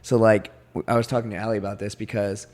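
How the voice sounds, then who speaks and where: A man's voice: on the low side, level tone, fast talker, a little mellow. Rambling young man on a podcast. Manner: rambling, self-deprecating, laughs often. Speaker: podcast co-host. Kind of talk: casual chat.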